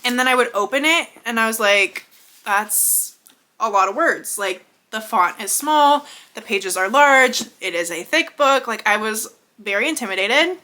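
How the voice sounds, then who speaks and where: A woman's voice: a little high, lively intonation, normal speed, hardly any pauses, bright, forceful tone. A young woman chatting casually in a vlog, gushing emotionally about books and often repeating herself. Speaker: book vlogger. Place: home.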